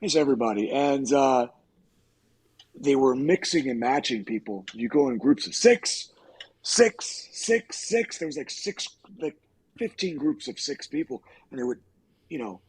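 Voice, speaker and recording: A middle-aged man, an actor on a podcast, casually telling profane, animated stories and acting out quoted lines. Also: medium pitch, unhurried, breathy edge. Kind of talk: casual storytelling.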